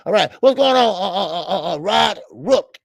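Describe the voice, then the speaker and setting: An older man in a casual boxing call-in show, speaking in a Black with a heavily gravelly, fry-laden voice that sits a little higher than most men's. He rambles loosely and profanely, stacking stammered fillers and chuckling at his own jokes. The sound is dry and close, with no room around it. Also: lively intonation, normal speed, no echo.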